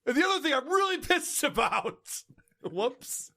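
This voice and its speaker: A man's voice: extremely high pitch, sing-song, a little slow, gravelly, bright, forceful tone. A man hosting a podcast, casually mocking clips he plays and laughing often. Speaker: podcast host.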